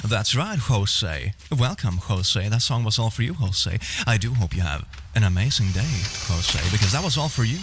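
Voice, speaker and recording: A man's voice: lowish voice, lively intonation, normal speed, few pauses, fairly bright tone, a little hiss or hum. A man streaming casually, reading online posts aloud and mocking them in a playful, teasing way.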